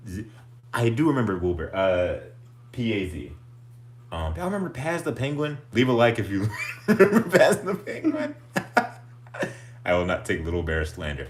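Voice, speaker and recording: A man hosting a livestream in casual chat, goofy and animated, laughing often. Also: fairly low pitch, moderate pace, long pauses, echoey room, slight background noise. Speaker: livestream host.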